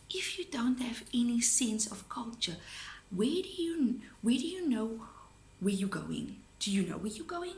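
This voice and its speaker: A woman's voice: fairly high pitch, sing-song, normal speed, creaky, slight background noise. A woman with a South African accent, a teacher giving a chatty, playful video lesson to her students. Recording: roomy echo.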